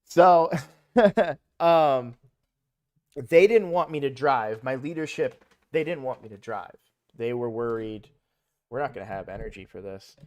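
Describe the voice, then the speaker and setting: A man's voice: medium pitch, lively intonation, measured pace, pauses often, a little mellow, highs cut off. A young man casually telling a personal story while playing a game, rambling with lots of fillers and restarts. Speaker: gaming streamer.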